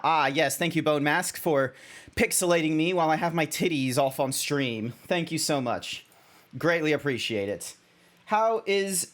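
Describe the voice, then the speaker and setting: Chatty Australian man, somewhat high voice. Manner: rambling, self-correcting, chatty. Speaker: VTuber streamer. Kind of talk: casual stream chat.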